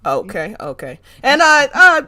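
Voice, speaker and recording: A woman host chatting casually, her voice rising and falling with lively pitch. She laughs often and trails off mid-thought before starting again. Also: a little slow. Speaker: stream host. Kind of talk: casual chat.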